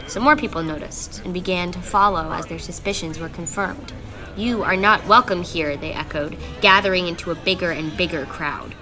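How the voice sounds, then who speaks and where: A woman telling a dark fable as a storyteller, in measured, steady scripted narration. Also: on the low side. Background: music.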